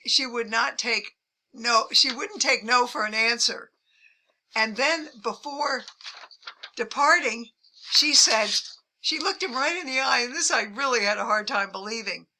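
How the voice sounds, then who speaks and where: An older woman shares amused travel stories in an unhurried, deliberate way. Her voice has a gravelly fry to it, yet the tone stays bright and forceful. She lifts her pitch whenever she quotes someone. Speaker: travel vlogger. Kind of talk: storytelling anecdotes to camera.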